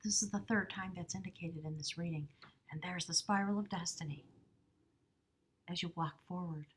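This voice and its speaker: A woman giving a channeled tarot reading to the camera, speaking slowly and earnestly, often dropping into a whisper. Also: lowish voice, fairly even intonation, a little hiss or hum. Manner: soft, slow, drifting into whispers; earnest, spiritual. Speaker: tarot reader.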